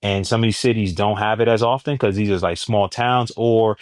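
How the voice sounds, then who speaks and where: Young jersey guy, comedian, low voice, dry close sound, tells stories and jumps way up doing other people. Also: fairly quick, dry recording. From New Jersey, USA. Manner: animated storyteller, acts out exchanges with big pitch jumps. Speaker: stand-up comedian guest. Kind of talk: casual interview chat.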